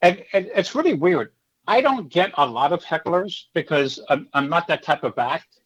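In a casual interview, a man in his fifties who used to do stand-up tells animated stories, acting out the people in them and giving hecklers their own character voices. His voice is a little high and his pace moderate, and the sound is lo-fi.

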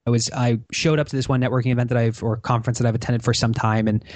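A man tells a story with energy, acting out each quoted line as he goes. He has a mid-pitched voice. The recording is dry and close to the mic. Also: flat delivery, fast, a little mellow, no echo. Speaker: podcast guest. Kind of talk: conversational storytelling.

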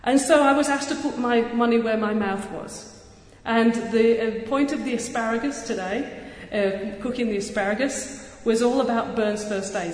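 Earnest woman speaking in an echoey hall. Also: a little high. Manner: earnest, energetic, with self-deprecating humor and restarts. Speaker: burns surgeon giving a public talk. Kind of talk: public speech. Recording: echoey hall with long reverb.

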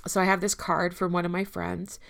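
Earnest low-voiced woman with gravelly fry. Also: flat delivery, brisk. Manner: earnest, encouraging, speaks directly to viewers; emotional at times, laughs softly. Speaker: recovery speaker. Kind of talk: personal talk showing her emergency kit.

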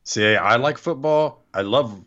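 A man's voice: mid-range voice, unhurried, fairly bright tone, highs cut off. A man co-hosting a podcast, joking and teasing in a casual chat. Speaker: podcast co-host.

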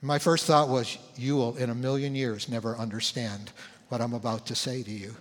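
A man in his sixties, a pastor, telling a personal story in a sermon, conversational and animated, acting out what people said. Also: medium pitch, a little fast. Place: church sanctuary. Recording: long church hall reverb.

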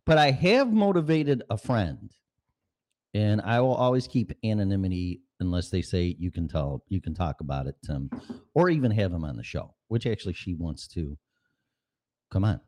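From his home apartment, using a studio mic and headphones, a middle-aged podcaster delivers a casual, rambling monologue full of profanity. His low, darkish voice has a sing-song lilt at a normal speed.

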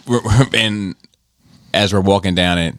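A man in casual podcast chat, an animated storyteller who swears freely. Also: fairly low pitch, unhurried, no echo, clean studio sound.

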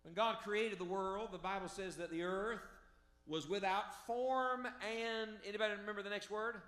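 Forceful, bright-voiced male preacher. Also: sits high, fairly even intonation. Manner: emphatic preaching with questions to the congregation; reads scripture aloud slowly and deliberately. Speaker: pastor. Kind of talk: sermon.

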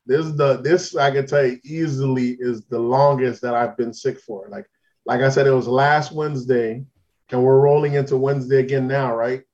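A man with a medium-pitched, steady, slightly mellow voice co-hosts a podcast, easing through a long slang-filled story at moderate speed. He's recovering from an illness with some symptoms remaining, and the audio is dull.

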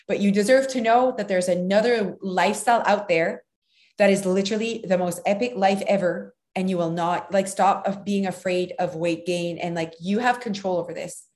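A woman co-hosting a podcast, whose first language is French. She talks in an animated, emphatic way, with lots of "like" and direct asides to listeners. Her voice sits at an average pitch. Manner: animated, emphatic, sprinkled with fillers. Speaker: podcast co-host, nutrition coach. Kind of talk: casual podcast chat.

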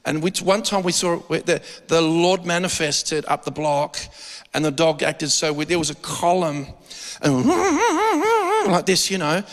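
A man giving a conversational sermon, telling lively, joking stories and acting out quotes. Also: fairly high pitch, normal speed. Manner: animated storytelling with jokes and acted-out quotes. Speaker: preacher. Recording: long hall reverb.

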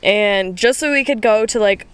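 A woman's voice: medium pitch, normal speed, clean tone, no echo. A young woman co-hosting a casual podcast, playful and teasing, laughing often. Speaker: podcast co-host. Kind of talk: casual chat.

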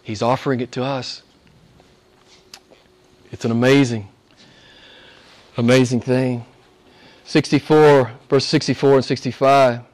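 At a church service, a pastor preaches emphatically to his congregation, repeating phrases and asking "right?" to get them to agree. His medium-pitched voice is steady and a little mellow, and he speaks a little slowly, pausing often.

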